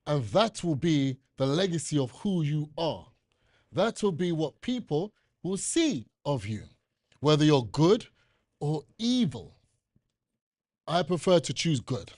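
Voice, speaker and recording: British elder preaching, lively rising and falling delivery, dry close sound. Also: male voice, a little high, dry recording. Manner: animated, emphatic scripture reading. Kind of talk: sermon.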